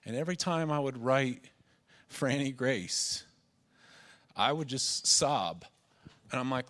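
A man's voice: medium pitch, expressive, slow, pauses often, a bit bright. Male pastor, earnest emotional sermon delivery, repeats key phrases.

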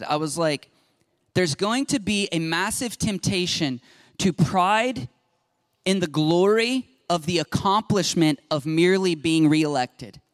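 A man's voice: on the high side, dry recording. A man, preaching a conversational sermon as a pastor and telling stories with chatty asides to the congregation.

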